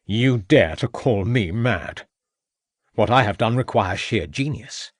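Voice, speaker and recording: A man voicing a scheming, murderous Victorian gentleman who gloats and sneers at the inspector. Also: on the low side, animated, takes it slowly, dry recording, clean studio sound. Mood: menacing.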